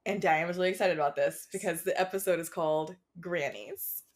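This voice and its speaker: A woman's voice: on the low side, a little fast. An American woman co-hosting a podcast, chatting casually in a playful, teasing way and laughing often. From United States. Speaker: podcast co-host. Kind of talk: casual chat.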